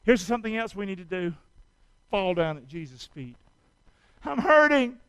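A man preaching a sermon, asking his congregation to answer back and building up to loud, fervent cries. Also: high voice, animated, fairly quick, smooth, no room sound, low-quality recording. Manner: call-and-response preaching, rising to shouts. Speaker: pastor.

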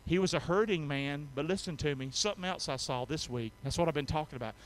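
A male pastor preaching a sermon in a church, drawing call-and-response from the congregation and swinging from soft asides to shouted emphasis. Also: fairly high pitch, quick pace, slight background noise. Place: church sanctuary.

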